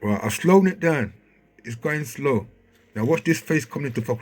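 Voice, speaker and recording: A man commenting casually over a video he plays, growing excited and checking in with the listener as he points things out. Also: mid-range voice, normal speed. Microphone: handheld mic.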